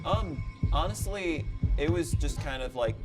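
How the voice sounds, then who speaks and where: Young male panelist, playful comic storyteller, slightly high pitch, music bed underneath. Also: measured pace. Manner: animated, jokey, with quoted voices. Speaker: panelist telling a tall tale. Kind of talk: comedic storytelling.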